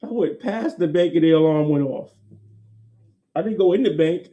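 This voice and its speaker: A man gives a casual motivational talk. His tone is very dark and mellow, sitting a little high. He repeats his points emphatically in a folksy way. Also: moderate pace, dull audio. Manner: folksy, repetitive, emphatic with laughs.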